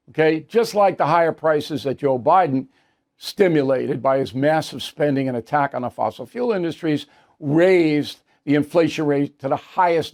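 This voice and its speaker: A man hosts a political commentary segment with a blunt, combative delivery. He waves off claims with curt dismissals. His voice sits a little high for a man. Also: a little mellow. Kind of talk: opinionated news commentary.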